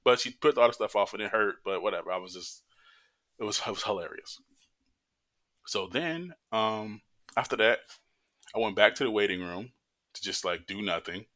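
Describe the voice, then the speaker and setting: A man's voice: moderate pace, pauses often. A man casually telling a personal story to camera, swearing and acting out what people said. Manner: animated, swearing, acts out quotes with high-pitched voices.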